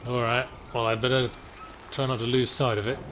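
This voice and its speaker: A man's voice: medium pitch, flat delivery, brisk, fairly bright tone, slight background noise. Dry British man narrating his gameplay. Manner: dry, sardonic asides while playing. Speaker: streamer playing the game. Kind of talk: casual let's-play commentary. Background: game music.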